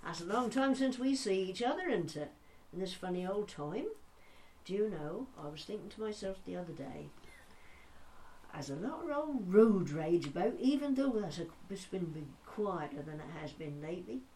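A woman's voice: medium pitch, animated, normal speed, dark tone, recorded from a distance, slight background noise, natural voice. A woman voicing a chatty old Norfolk countrywoman with a broad rustic accent, spinning jokey yarns. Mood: jolly yarning.

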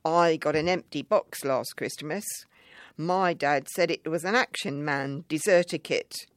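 A cheeky little boy, blunt and deadpan, as a storyteller puts him on. He delivers his lines flat and sure of himself. The recording is close and dry. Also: mid-range voice, measured pace, no room sound, close to an everyday voice. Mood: joking.

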